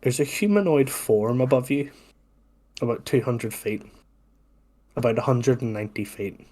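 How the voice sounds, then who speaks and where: A man's voice: medium pitch, normal speed, warm tone. A man running a tabletop game as game master, describing scenes in a meandering way full of "like". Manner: meandering, hedging with "like".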